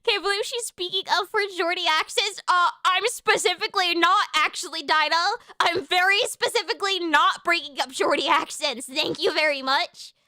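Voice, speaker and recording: An American woman streaming live, chatting casually with her viewers in an excitable, sweary way with quick comebacks. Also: very high-pitched, no room sound. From United States.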